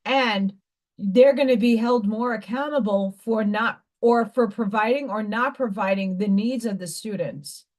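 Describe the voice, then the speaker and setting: Chatty, slightly high-voiced woman livestreaming. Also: unhurried, a little mellow. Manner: rambling and emphatic, greets viewers mid-sentence. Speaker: livestream host and school teacher. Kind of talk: casual livestream chat.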